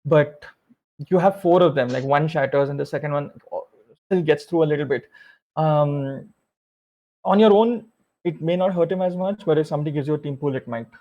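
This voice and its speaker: A man's voice: on the high side, normal speed, lo-fi sound. A man narrating a tabletop game as game master, rambling with many fillers and restarts.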